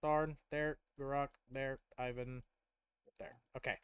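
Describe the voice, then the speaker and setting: A man running a tabletop game as game master, narrating in a quick, animated way with restarts. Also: medium pitch, smooth, dry recording, highs cut off.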